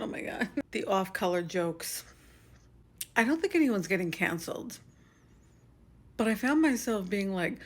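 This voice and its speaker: Chatty young woman reviewing a movie. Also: medium pitch. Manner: chatty and animated, laughs often, quotes her own reactions. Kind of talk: casual movie review vlog.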